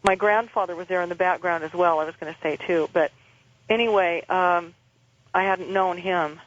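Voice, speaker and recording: A woman calling in as a radio show guest, giving an earnest, halting personal testimony with frequent restarts. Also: lowish voice, no room sound. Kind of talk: personal testimony over the phone. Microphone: telephone. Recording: muffled phone line.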